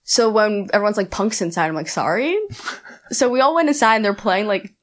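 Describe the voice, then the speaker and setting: A young woman, a guest and aspiring wrestler, telling a story in a rapid, animated casual chat full of fillers. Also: mid-range voice.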